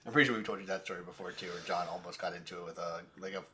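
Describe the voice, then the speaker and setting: A young man talking fast and loose on a sports podcast, stringing a story together with plenty of fillers and swearing. His voice sits a little low, and he keeps the pace quick. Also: noisy background. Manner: animated, profane storyteller, many "like" fillers. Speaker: podcast co-host. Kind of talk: casual sports chat and storytelling.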